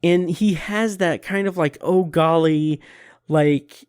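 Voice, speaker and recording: Gushing man, higher voice, dry sound. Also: slow pace, a little mellow, clean tone, no echo. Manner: earnest and gushing, many fillers and restarts. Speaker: podcast host reviewing TV episodes. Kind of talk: casual solo review.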